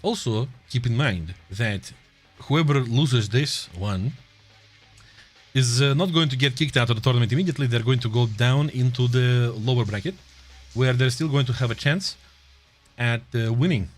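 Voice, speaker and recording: A man's voice: mid-range voice, moderate pace, soft background music. A man with a Russian accent giving casual, joking live esports commentary and chatting with viewers, laughing often. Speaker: esports caster.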